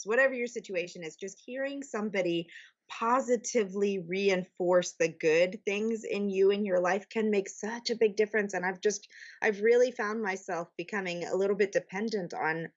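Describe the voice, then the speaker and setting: A woman's voice: medium pitch, muffled recording. A woman guest in a candid podcast chat, chatty and laughing, with many restarts. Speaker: guest, publisher.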